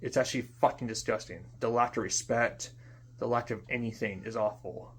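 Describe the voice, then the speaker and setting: A man's voice: medium pitch, fairly even intonation, brisk, a little hiss or hum. Profane young man ranting alone. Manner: frustrated, profane, repeats himself, trails off into quiet mutters. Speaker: vlogger. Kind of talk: unscripted ranting monologue.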